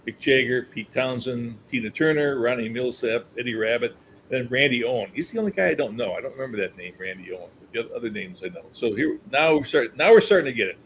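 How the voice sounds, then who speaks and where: A man's voice: mid-range voice, fast talker, rough recording. Older guy, company historian, tells stories with lots of voices and chuckles, faint hiss behind. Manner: animated storyteller, acts out quotes, chuckles. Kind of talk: anecdotal storytelling.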